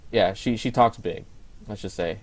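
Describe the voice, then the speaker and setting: A man's voice: on the low side, moderate pace. A young man co-hosting a podcast in casual chat, rambling with lots of fillers and restarts. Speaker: podcast co-host.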